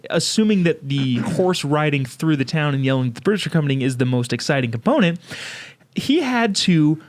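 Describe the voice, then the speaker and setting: A man with a Californian accent co-hosting a podcast in casual chat, animated and laughing often. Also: moderate pace. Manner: animated, laughs often, jumps up in pitch when excited. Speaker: podcast co-host.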